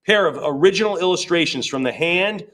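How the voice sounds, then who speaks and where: A male auctioneer runs a live sale in a steady chant of rising bids. Between the numbers he tosses off quick jokes and teasing asides to the bidders. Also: on the high side. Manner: rapid repetitive bid chant with joking asides. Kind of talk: live auction bid calling.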